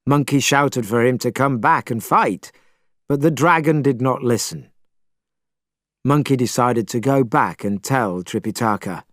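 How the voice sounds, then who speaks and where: A man narrating a storybook chapter in a measured, expressive way. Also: medium pitch, no echo, clean studio sound.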